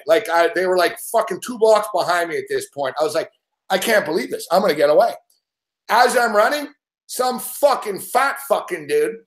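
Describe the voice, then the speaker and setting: Man, high-pitched, foul-mouthed, animated storyteller, chuckling, echoey room. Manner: profane, animated storyteller who laughs often. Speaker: show host. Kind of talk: casual storytelling chat.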